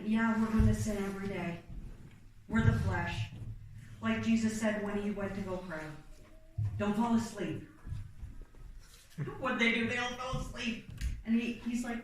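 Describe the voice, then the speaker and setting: A woman's voice: medium pitch, darkish tone. A woman preaches informally, telling history as a story and slipping into the voices of the people she quotes. She sounds distant from the microphone, with the sound ringing hard off a big reverberant room. A faint hiss sits underneath. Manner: conversational, storytelling with plain acted-out quotes and fillers. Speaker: church speaker. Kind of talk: informal sermon retelling church history. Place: church. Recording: very echoey room, mic far off, faint noise.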